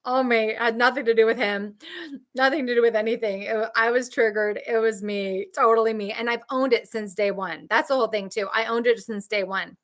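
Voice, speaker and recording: With a steady, slightly bright tone and a fairly quick pace, this trauma coach talks candidly and emphatically to survivors. She repeats her key points, responds to viewers, and mimics others' voices in high, shrill bursts.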